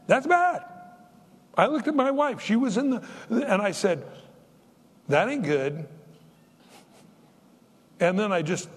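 A man preaching a sermon in a folksy, animated way, with humorous asides between his points. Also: high voice, slightly rough. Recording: long reverb of a large hall.

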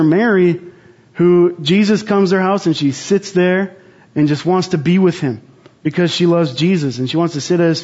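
A man's voice: sits high, darkish tone, lo-fi sound. A man co-hosting a Bible study, teaching in an earnest, rambling way with frequent restarts.

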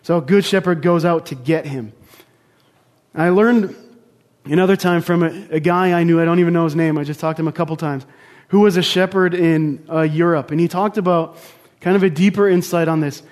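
A young man preaches a casual sermon with a brisk delivery and a darkish tone in a voice on the high side. He speaks conversationally, telling personal stories with asides and restarts.

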